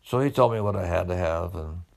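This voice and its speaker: Deep gravelly man telling his story. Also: darkish tone. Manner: unhurried, reflective, conversational. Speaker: former police officer turned medical student. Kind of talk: personal storytelling.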